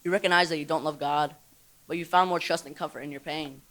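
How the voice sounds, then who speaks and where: A man leading an altar call in a church service, earnest and measured. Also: fairly high pitch, steady tone, fairly bright tone.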